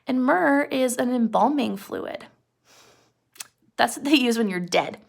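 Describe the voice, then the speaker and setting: A woman's voice: fairly high pitch, expressive, measured pace, vocal fry. A young woman casually retelling a story as a lesson, chatty with frequent fillers and rhetorical questions. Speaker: teacher explaining a story.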